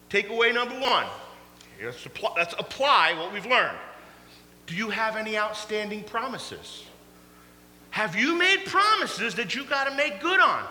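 A man preaching a storytelling sermon, animated and laughing through his stories. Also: sits high. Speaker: pastor. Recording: echoey hall, faint hum.

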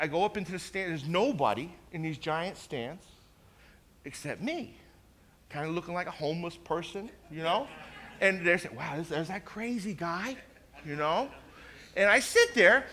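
A man preaching a sermon, telling stories with lively emphasis and often repeating his words as he goes. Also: high voice. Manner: animated storytelling, repeats words, acts out quoted voices. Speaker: pastor.

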